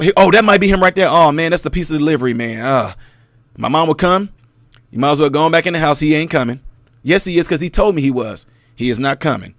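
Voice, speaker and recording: A man's voice: high voice, dry recording, clean studio sound. A man hosting a casual commentary monologue, telling a story and firing rhetorical questions at his audience, sometimes putting on mocking voices. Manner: animated, mocking put-on voices. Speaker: commentary channel host.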